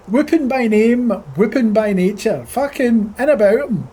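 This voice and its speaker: A man's voice: high-pitched, warm tone, husky. A Scottish man chatting casually on a flight sim live stream, full of crude, profane joking banter with his chat. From Scotland.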